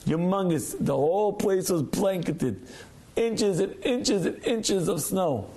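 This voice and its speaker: A man, a rabbi, giving a Torah class as a lively storyteller who acts out the voices of people in his stories. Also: high-pitched, takes it slowly.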